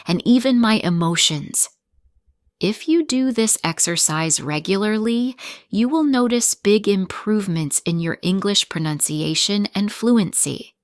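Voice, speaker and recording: A woman English teacher narrating a story for learners, slow and deliberate with careful articulation. Her voice sits somewhat low for a woman. The recording is dry and close, with no room sound. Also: dry recording.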